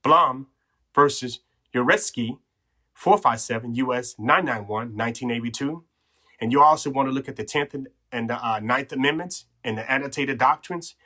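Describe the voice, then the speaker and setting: In a mid-range, sharp-toned voice at normal speed, a man hosts an instructional podcast about legal rights. Coaching earnestly and checking in with "okay?" and "right?", he comes across slightly out of breath.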